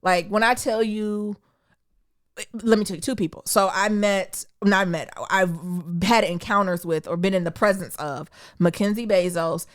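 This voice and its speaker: A woman's voice: mid-range voice, unhurried. A woman from Detroit co-hosting a podcast, telling stories in casual, slangy chat and acting out quotes. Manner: animated storytelling, slangy, acts out quotes. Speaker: podcast co-host.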